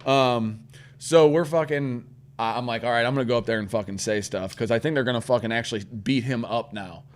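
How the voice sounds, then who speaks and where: A man's voice: medium pitch, a little fast. Profane St. man telling a story. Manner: profane, rambling anecdote with acted-out quotes. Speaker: podcast co-host. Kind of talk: casual storytelling chat.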